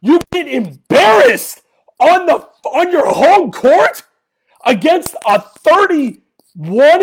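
A man rants as a sports podcast host, angry and often yelling. His voice sits high and swings widely in pitch. He drags out his words at a slow pace. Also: big pitch swings, gravelly. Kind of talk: heated fan rant.

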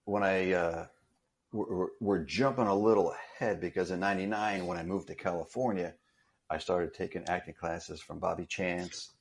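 A man telling a story in casual conversation, animated and full of restarts. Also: deep voice, moderate pace. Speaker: interview guest, stuntman.

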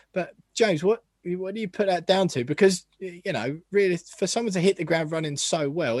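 A man hosting a casual football podcast, chatty and quick to laugh. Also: on the high side, no echo, studio quality. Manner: chatty, laughs often, tries mock accents. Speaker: podcast host.

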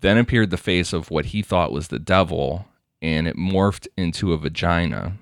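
Deep-voiced guy narrating true crime casually, dry mic. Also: expressive, moderate pace, creaky, no room sound. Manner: laughing, crude, conversational narration. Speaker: podcast host.

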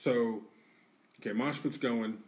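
Male podcast co-host, animated profane storyteller, set back from the mic in a studio. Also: mid-range voice, slow, far from the mic. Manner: animated, profane, acts out quotes. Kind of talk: casual storytelling.

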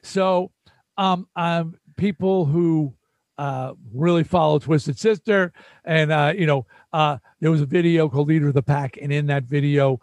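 A man's voice: on the high side, unhurried, no room sound. An older man from New York, telling stories in a casual chat and acting out quoted voices. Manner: animated, acts out quotes in voices. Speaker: musician guest. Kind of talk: casual storytelling.

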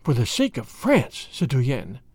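A man voicing a sly, insinuating male French spy who speaks slowly and low in a storybook reading. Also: very animated, a little mellow, no echo.

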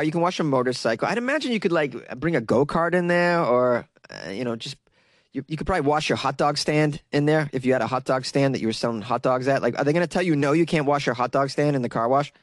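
In a dry recording, a young man from Massachusetts talks at medium pitch in his native accent. He's a comedic news commentator, sarcastically riffing on an odd story and laughing at what he says.

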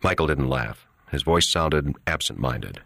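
A man narrating an audiobook with an extremely deep, low voice. He tells the story in a steady, even way. The recording is dry and close, with no room echo. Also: unhurried, gravelly.

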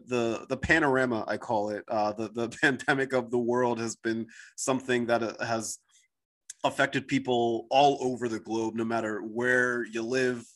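A man's voice: medium pitch, a bit bright. An American man hosting a podcast interview, effusive and chatty, often repeating words and restarting his sentences. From United States. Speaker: podcast host.

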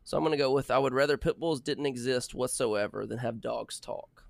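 A man's voice: mid-range voice, a little fast, creaky, no room sound, clean studio sound. A man co-hosting a casual podcast, delivering mock-serious, ranting opinions. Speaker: podcast co-host.

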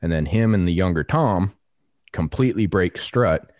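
A man co-hosting a podcast, telling a story in a casual, animated, salty way and acting out voices. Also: deep voice, normal speed, no room sound, clean studio sound. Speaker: podcast co-host.

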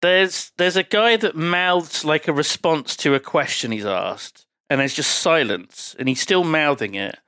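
A podcast co-host in casual film chat, animated and swearing, often jumping in to finish other people's lines. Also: medium pitch, measured pace, few pauses, dry recording.

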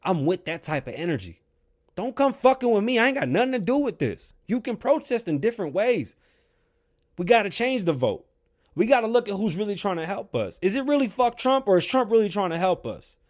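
A man hosting his own show, ranting his opinions heatedly and swearing constantly, swinging between loud outbursts and quiet stretches. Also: sits high, very animated, brisk. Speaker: show host. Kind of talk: profane opinion rant.

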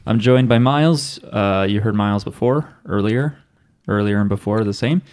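Man hosting a podcast, fairly low voice, rambling casual chat, trips over his words. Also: normal speed, a little mellow. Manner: rambling, self-interrupting. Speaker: podcast host.

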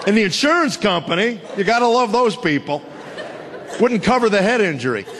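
A man in his fifties tells stand-up stories in a high, deadpan voice, landing punchlines to a laughing crowd. The live recording carries clear background noise. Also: brisk. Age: 50s. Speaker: stand-up comedian. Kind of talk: stand-up comedy routine. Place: stage before a laughing audience.

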